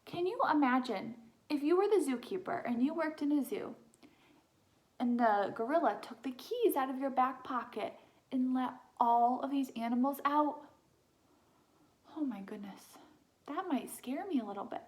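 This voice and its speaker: Woman, high voice, young adult, children's book read-aloud, gentle, questions for kids. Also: expressive, moderate pace. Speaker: teacher reading aloud.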